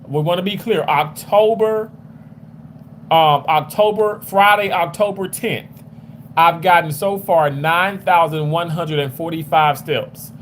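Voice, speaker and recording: Winded man chatting to viewers outdoors. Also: high voice. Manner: rambling, talks back to commenters. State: out of breath. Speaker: livestreamer. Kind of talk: casual live chat reading viewer comments. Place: walking outdoors near a road. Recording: street noise with passing traffic.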